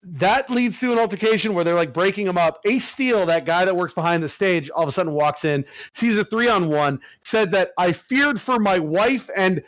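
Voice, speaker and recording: Animated, foul-mouthed man with a higher voice. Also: brisk, dry recording, rough recording. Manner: profane, animated storytelling. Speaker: podcast co-host. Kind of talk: casual chat.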